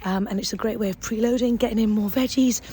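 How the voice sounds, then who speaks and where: Woman, 30s, upbeat food vlogger, slightly high voice, faint noise. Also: fairly even intonation, quick pace, mellow. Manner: chatty, enthusiastic, talks while eating. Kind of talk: casual food vlog chat.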